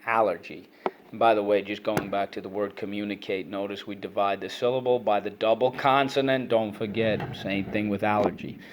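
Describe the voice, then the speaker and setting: A man's voice: lowish voice, steady tone, noisy background. A man teaching a phonics and vocabulary lesson to children, drilling words and praising answers. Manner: brisk, repetitive drilling, prompts and praises listeners. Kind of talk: online reading lesson for kids.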